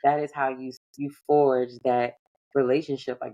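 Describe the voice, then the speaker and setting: Low-voiced woman hosting a casual chat. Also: flat delivery, moderate pace, warm tone, highs cut off. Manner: reflective, loose phrasing with frequent "like". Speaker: podcast host. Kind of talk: casual conversation.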